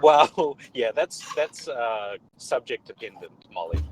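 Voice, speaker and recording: Male chat participant, playful and teasing, pitch bouncing a lot. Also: animated, takes it slowly, darkish tone, slight background noise, poor audio. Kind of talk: casual online voice chat.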